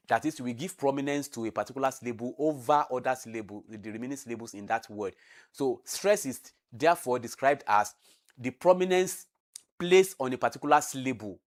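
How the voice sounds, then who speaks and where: A man teaching an exam revision lesson, explaining slowly, repeating key terms and stretching words for emphasis. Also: medium pitch.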